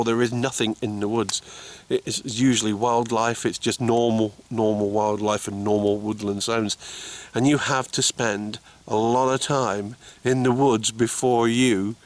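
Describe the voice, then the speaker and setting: Chuckling man rambling in the woods. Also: mid-range voice. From United Kingdom. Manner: rambling, chuckling, repeats words. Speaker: outdoor vlogger. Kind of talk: casual storytelling to camera. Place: outdoors in winter woods.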